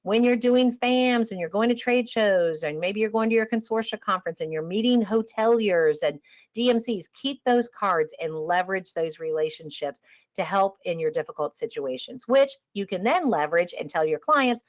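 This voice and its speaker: A woman giving a passionate, emphatic talk to travel advisors, sometimes dropping to a calm, quiet voice. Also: normal speed. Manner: energetic and emphatic, drops to a calm low voice to demonstrate. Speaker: industry trainer on a webinar panel. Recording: dull lo-fi online audio.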